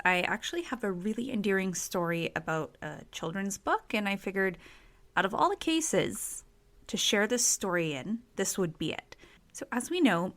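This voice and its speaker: Chatty woman hosting a true crime podcast. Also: mid-range voice. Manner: chatty and expressive, with frequent "like" fillers. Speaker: podcast host.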